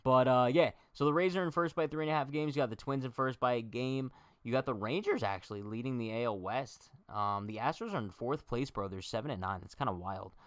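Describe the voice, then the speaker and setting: With studio-quality audio and no room sound, a young man runs a laid-back baseball livestream, bantering and joking directly with viewers. He speaks a little fast in a mid-range voice.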